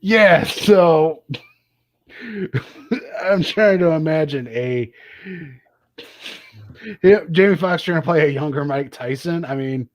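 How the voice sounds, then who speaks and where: A man co-hosting a podcast, giving relaxed, brief replies and dry jokes in casual chat about movies. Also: on the high side, slow, long pauses. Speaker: podcast co-host.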